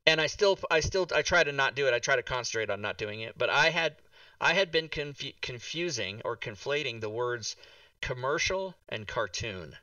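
Exasperated swearing man, bright voice. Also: mid-range voice, expressive, moderate pace, dry recording, far from the mic, highs cut off. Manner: exasperated, swears, restarts often. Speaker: talk show host. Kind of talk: casual livestream chat.

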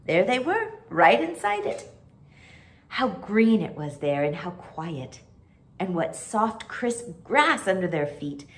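A woman reading a children's book aloud as a storyteller, expressive and animated. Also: mid-range voice, slow.

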